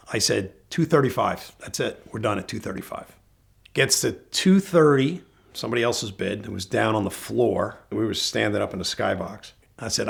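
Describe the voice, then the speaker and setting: A middle-aged man, a car dealer, telling a story in a lively way and acting out the dialogue. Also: medium pitch, vocal fry. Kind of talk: storytelling anecdote.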